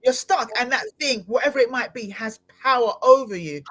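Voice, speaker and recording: A woman hosting a live-streamed podcast interview, talking in an animated, exclamatory way with frequent laughter. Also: fairly high pitch, fairly quick. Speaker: podcast host.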